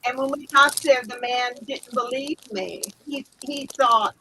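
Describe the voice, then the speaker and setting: A woman's voice: sits high, a little slow, bright, forceful tone, a little hiss or hum, low-quality recording. An older woman telling a story in a casual chat, laughing often and acting out other people's lines, heard over a video call. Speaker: guest.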